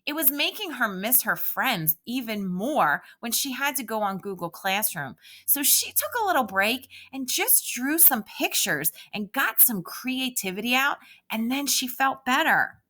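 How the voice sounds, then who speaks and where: A woman teacher reading a picture book aloud to young children and guiding them through a calming exercise in a slow, sing-song way. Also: fairly high pitch.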